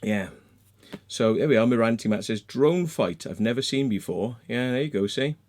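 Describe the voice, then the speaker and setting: A middle-aged British man hosting a casual livestream, telling a story in a sweary, excitable way and acting out the voices of the people in it. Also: mid-range voice, normal speed. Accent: British English. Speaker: livestream host. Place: home room with fan and dog.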